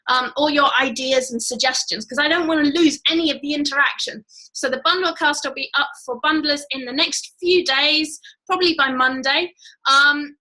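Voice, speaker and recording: Upbeat woman host, high bright voice, chatty live-show patter. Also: low-quality recording. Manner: chatty, upbeat, many fillers and restarts. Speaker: podcast host. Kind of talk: casual live show chat.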